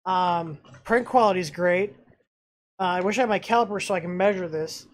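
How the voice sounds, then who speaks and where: A man's voice: high voice, normal speed. A man hosting a casual live-stream review of a 3D printer, talking in a rambling way with lots of "um"s and restarts. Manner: rambling, filler-heavy, frequent restarts. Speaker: channel host reviewing a 3D printer.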